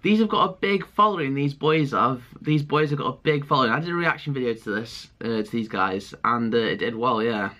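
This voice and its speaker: A man's voice: medium pitch, animated, a little fast, few pauses, sharp tone. A British man chatting casually as a YouTube reaction host, swearing and calling the viewer mate. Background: music from the played video.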